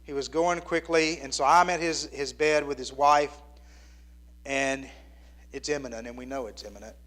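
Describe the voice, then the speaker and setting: A man in his fifties preaching a sermon, telling a story in an earnest, conversational way and dropping to a hushed near-whisper at tender points. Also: medium pitch, fairly even intonation, normal speed. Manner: plainspoken and conversational with the congregation. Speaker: pastor.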